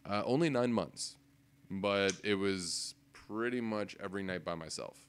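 A man's voice: on the low side, unhurried, clear, resonant tone. A man on a podcast telling a casual story, swearing often and laughing as he goes. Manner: profane, laughing, animated storyteller. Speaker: podcast co-host. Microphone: desk microphone.

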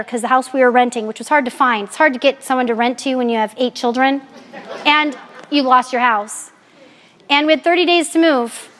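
High-voiced, candid woman giving a faith talk. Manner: candid, animated, joking. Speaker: Catholic speaker. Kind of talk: personal faith talk to an audience.

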